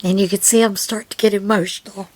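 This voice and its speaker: A middle-aged woman hosting her own yarn channel, chatting through her mail in an unhurried, rambling way with many pauses and fillers. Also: mid-range voice, little pitch movement, darkish tone, slight background noise. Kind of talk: casual unboxing chat.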